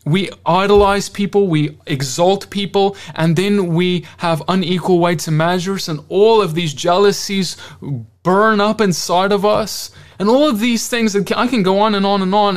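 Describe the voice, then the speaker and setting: Male preacher, high-pitched, fervent and insistent, heavy on rhetorical questions, closes in prayer. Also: normal speed. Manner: ends in spoken prayer. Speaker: conference speaker. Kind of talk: sermon.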